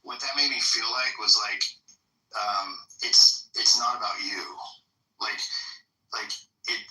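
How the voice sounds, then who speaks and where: A man telling a family story in casual conversation, blunt and animated, swearing often. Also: lowish voice, slow, roomy sound, distant mic, low-quality recording.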